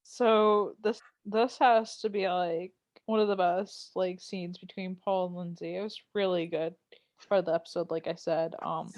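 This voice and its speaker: A woman's voice: on the low side, steady tone, unhurried, darkish tone, no room sound. A young woman co-hosting a podcast, chatting casually and acting out quotes with lots of fillers. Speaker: podcast co-host. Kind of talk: casual chat recapping a TV episode.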